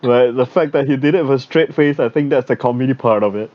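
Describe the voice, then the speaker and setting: A young man co-hosting a podcast in casual chat, animated and profane, often slipping into mock voices. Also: medium pitch, fast. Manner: animated, swears, acts out mock voices for laughs. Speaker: podcast co-host. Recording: slightly muffled, dull sound.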